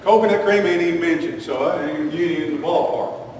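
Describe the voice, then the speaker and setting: A man preaches in a folksy, joking style, sprinkling his sermon with homespun sayings, talking a little fast with a darkish tone. His high voice carries from some distance off the mic and rings through a big, echoey church hall with slight background noise.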